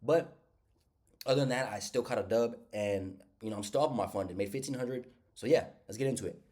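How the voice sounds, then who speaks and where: A man talks quickly and loosely, calling his viewers y'all and using plenty of slang. His voice sounds stuffed up and congested. He sits at a middle pitch, neither high nor low. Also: a little mellow. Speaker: day trader recapping trades. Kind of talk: casual screen-share trade recap.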